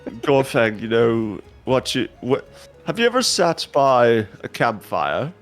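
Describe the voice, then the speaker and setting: A man's voice: mid-range voice, sing-song, a little slow, faint music behind. A man joking around as a player in a tabletop game, patiently explaining things. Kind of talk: casual tabletop play.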